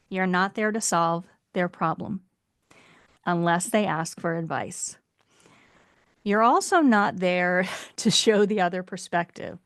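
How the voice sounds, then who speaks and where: Woman coach, calm explanatory talk, dry sound. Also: on the low side, slow, pauses often, dry recording. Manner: calm, explanatory, acts out example dialogue. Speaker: relationship coach. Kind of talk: solo talk explaining relationship advice.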